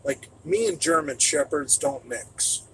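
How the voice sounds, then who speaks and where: A middle-aged man, a trucker, in casual storytelling chat, loud and profane and given to sudden shouts, talking from inside his truck cab. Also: fairly high pitch, expressive, measured pace, slight background noise, low-quality recording. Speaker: streamer answering chat.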